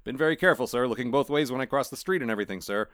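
A man's voice: medium pitch, very fast, a bit bright, dry recording, clean studio sound, pitched above the performer's own voice, close to an everyday voice. A man reading aloud and voicing a nervous, fawning male talking cat who keeps calling someone sir. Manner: anxious, eager to please, keeps saying sir.

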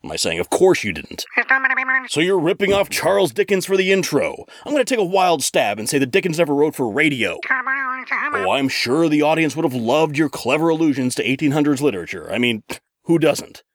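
A man's voice: a little high, big pitch swings, brisk, no echo, studio quality. A man narrating a comedy audio drama, sarcastic and exasperated.

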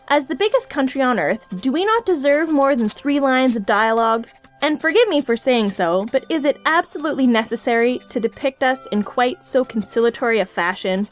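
A woman performing a comic listener letter in a prim, politely aggrieved tone. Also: fairly high pitch. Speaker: comedy podcast performer.

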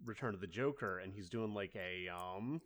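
In casual chat as a podcast co-host, this man has a deep voice with a fairly bright tone and a moderate pace. He talks loosely, with many fillers and false starts.

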